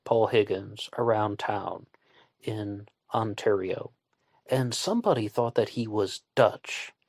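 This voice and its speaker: A man's voice: lowish voice, vocal fry, a little mellow, no room sound, clean studio sound. A man from Virginia, hosting a true-crime podcast in a rambling, conversational way and asking his listeners questions. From West Virginia, USA. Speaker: podcast host. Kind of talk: casual true-crime narration.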